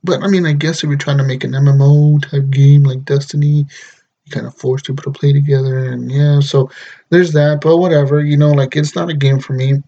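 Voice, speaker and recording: Hosting his own gaming podcast, a young man jokes and rants with heavy profanity, sounding exasperated. His voice sits a little high and mellow, with flat delivery at a slightly quick pace, and the recording's highs are cut off.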